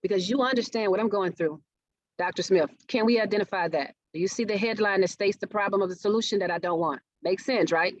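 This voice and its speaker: A woman's voice: mid-range voice, quick pace, no echo. Woman teaching a marketing workshop. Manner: engaging, asks audience questions often. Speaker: marketing speaker. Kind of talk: business workshop presentation. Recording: dull, dry webinar audio.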